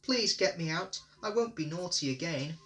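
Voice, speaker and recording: A man voicing a cheeky, excitable little tank engine in a storybook reading. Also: moderate pace, faint music behind. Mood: sorry. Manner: cheeky, excitable, high-pitched.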